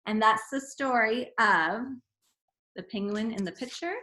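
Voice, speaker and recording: A woman teacher with a bright, clear voice reads a fable aloud to young children. She talks in a gentle, chatty way, pausing to explain. The voice rings in an echoey room. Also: a little high, a little hiss or hum. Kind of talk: storytime reading and chat.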